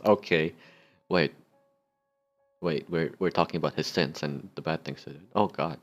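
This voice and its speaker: Excitable low-voiced gamer, joking let's play commentary, faint music behind. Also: male voice, a little slow, pauses often, highs cut off. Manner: excitable and joking, laughs, gets loud. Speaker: gaming YouTuber.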